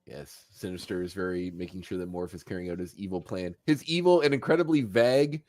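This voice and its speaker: A man hosting a casual podcast, recapping an animated episode as an animated storyteller who acts out quotes and chuckles as he goes. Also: sits low, fairly quick, no room sound. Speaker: podcast host.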